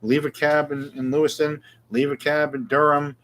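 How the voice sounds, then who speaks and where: A man's voice: fairly high pitch, little pitch movement, moderate pace, fairly bright tone, slight background noise. A middle-aged man, hosting a casual live guitar Q&A with rambling, self-deprecating chat. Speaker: guitar shop show host.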